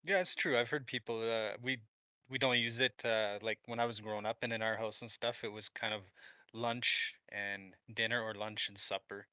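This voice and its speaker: A man's voice: lowish voice, steady tone, normal speed, sharp tone, smooth, no room sound. A man from Quebec chatting casually as co-host on a livestream, easygoing, with fillers and chuckles. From Quebec, Canada.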